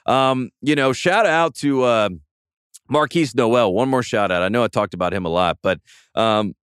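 A man's voice: mid-range voice, normal speed, a bit bright, smooth, no room sound, clean studio sound. A man hosting a sports podcast, chatting casually and enthusiastically with frequent word repeats. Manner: rambling, enthusiastic, repeats words often. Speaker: podcast host. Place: studio.

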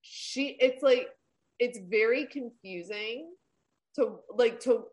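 A woman's voice: fairly high pitch, slow pace, darkish tone, poor audio. A woman co-hosting a podcast in casual chat, rambling with many fillers and swearing. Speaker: podcast co-host.

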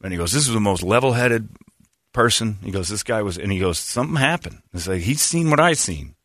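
In a dry, clean studio recording, a podcast host speaks a little fast with a fairly low pitch. He's an animated storyteller in casual conversation, performing the quotes he relays.

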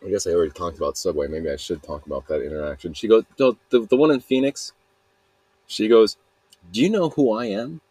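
A man's voice: deep voice, quick pace, warm tone, a little hiss or hum. A young man from Utah rambling through a solo podcast monologue, self-mocking and trailing off mid-sentence. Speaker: podcast host.

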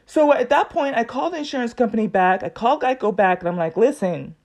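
A woman's voice: a little high, fast. Chatty woman telling a story. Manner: animated, acts out other people's lines in quoted voices. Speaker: podcast host. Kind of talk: casual storytelling monologue.

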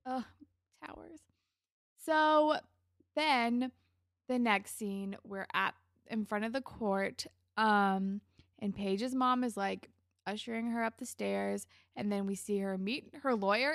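A woman co-hosts a casual podcast, retelling a TV episode in loose, chatty talk sprinkled with "like", laughter and swearing. Her voice has a gravelly, creaky edge. The sound is dry and close, with no room around it. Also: a little high, takes it slowly, dry recording. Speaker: podcast co-host recapping a TV episode. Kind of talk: casual chat.

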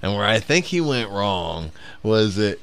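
A man who is a stand-up comic, telling profane, animated stories in a casual podcast chat. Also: fairly low pitch, a little slow, smooth. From South Bend, Indiana.

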